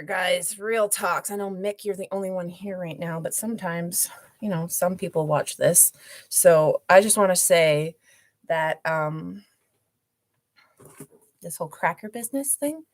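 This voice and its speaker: A woman drag performer hosting her own show, rambling in casual, profane chat with a hushed, low delivery. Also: dry recording.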